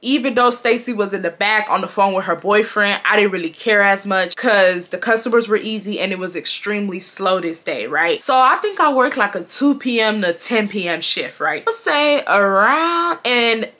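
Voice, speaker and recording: A young woman from Houston, Texas tells a casual storytime in a bright, forceful voice. She talks chattily and with sass, slipping into imitations of the people she describes. Her pitch sits in an ordinary middle range for a woman. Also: expressive, moderate pace, few pauses. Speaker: vlogger.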